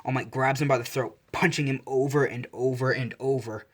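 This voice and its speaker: A man's voice: medium pitch, fairly even intonation, fairly quick. A man narrating a fan fiction story casually, often correcting himself mid-sentence.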